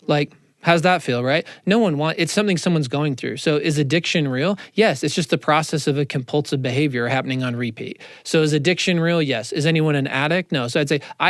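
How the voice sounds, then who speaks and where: A man, a counselor, talking in a casual interview, animated and quick with asides, in a studio. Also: fairly high pitch, dry recording. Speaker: counselor, podcast guest. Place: radio studio.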